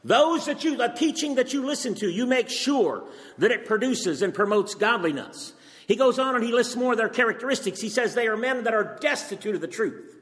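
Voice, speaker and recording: A man's voice: very high-pitched, expressive, brisk, fairly bright tone. An older man preaching a sermon, earnest and emphatic, firing off rhetorical questions. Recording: long reverb from a hall.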